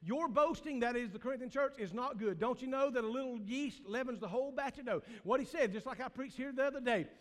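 A middle-aged man preaching a sermon as pastor, moving from hushed storytelling to shouted emphasis. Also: very high voice, fast talker, few pauses. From American South. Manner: Southern preacher cadence, swings from hushed to shouting. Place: church sanctuary. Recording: reverberant church hall.

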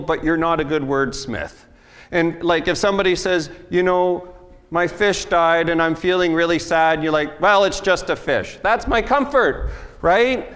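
A man preaching a casual, self-deprecating sermon with a fairly high voice. He talks in a conversational way and acts out quoted lines. The sound carries a long hall reverb. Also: a bit bright. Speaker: pastor. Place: church hall with audience.

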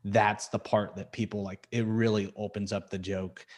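A man, a comedian guest in a casual chat, rambling with lots of filler words and getting animated when he quotes people. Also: fairly low pitch, normal speed.

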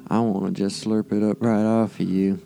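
Guy playing a horny over-the-top lady, rambling, fairly low voice. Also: level tone, normal speed, gravelly, mellow. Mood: lustful. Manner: breathless, outrageous, rambling. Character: lustful over-the-top woman, Samantha Matthews.

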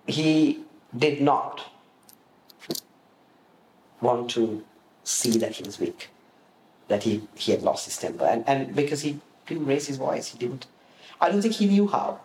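A man answering interview questions, telling lively stories about his past and acting out the voices of the people in them. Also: mid-range voice. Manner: animated storyteller, acts out quoted voices. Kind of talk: reminiscing in an interview. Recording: roomy echo with faint room noise.

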